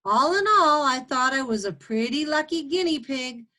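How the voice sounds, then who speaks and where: A woman reading a picture book aloud to children at story time, expressive and animated. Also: sits high, normal speed.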